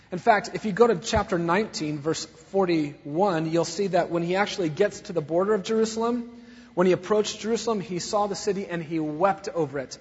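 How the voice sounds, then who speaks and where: High husky preacher guy, goes soft then loud, muffled churchy echo. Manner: swings from soft sorrow to loud fervor. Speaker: pastor. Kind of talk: sermon. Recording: dull recording in a long-echo hall.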